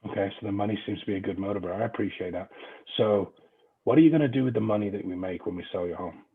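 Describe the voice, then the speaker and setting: A man's voice: fairly low pitch, racing, breathy edge, phone-quality sound. A man with an English accent leading a real estate training class in a chatty, informal way, swearing now and then. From England.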